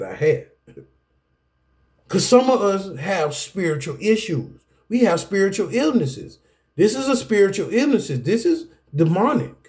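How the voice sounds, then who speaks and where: Guy preaching a self-help lesson at the camera, high voice, swings all over, keeps cracking up. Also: darkish tone. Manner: laughs often, breaks off mid-sentence, repeats himself; preacher-like cadence, addresses viewers as y'all. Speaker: self-help video teacher. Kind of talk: preachy talk to camera about anger.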